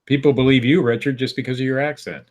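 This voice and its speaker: A man's voice: mid-range voice, steady tone, fast talker, darkish tone, slight background noise. A man co-hosting a podcast, reading odd news stories aloud in a dry, sarcastic way and laughing at them. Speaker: podcast co-host.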